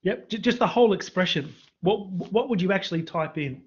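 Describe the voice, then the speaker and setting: A man's voice: high voice, expressive, brisk, husky, muffled recording. A man teaching a live-streamed maths revision lesson, quizzing students in the chat. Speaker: university maths lecturer. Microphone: computer mic on a live stream.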